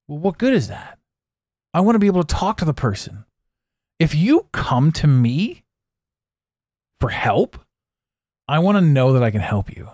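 A man's voice: a little high, very animated, normal speed, pauses often, a little mellow, dry recording, studio quality. A man hosting a podcast, talking bluntly in a casual motivational monologue and swearing freely. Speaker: podcast host and life coach.

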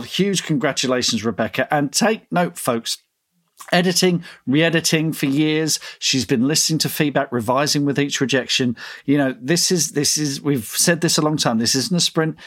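A male podcast co-host reading out news and blurbs in an encouraging tone. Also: fairly high pitch.

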